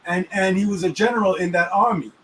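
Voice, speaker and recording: A man's voice: high voice, fast, fairly bright tone. A man hosting a casual chat about the weekly Torah portion, using street slang and often checking that the listener follows him. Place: inside a moving car. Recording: distant mic in a car with faint road noise.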